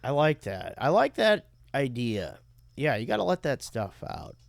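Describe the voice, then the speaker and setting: A man's voice: medium pitch, sing-song, a little slow, gravelly, dry recording. A man hosting a podcast, chatting casually and rambling with many fillers into a close mic. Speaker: podcast host. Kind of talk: casual comedic chat.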